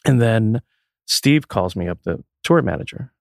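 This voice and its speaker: Low-voiced man telling a lively story. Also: unhurried, creaky, no room sound, clean studio sound. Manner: animated, acts out quoted people, swears casually. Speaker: guest musician, percussionist. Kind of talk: casual storytelling.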